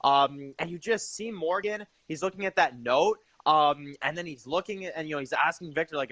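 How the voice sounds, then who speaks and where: Young male reviewer, a bit high-voiced, enthusiastic and rambling, casual delivery. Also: normal speed, few pauses, sharp tone, no echo. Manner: enthusiastic, rambling with many fillers. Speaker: TV episode reviewer.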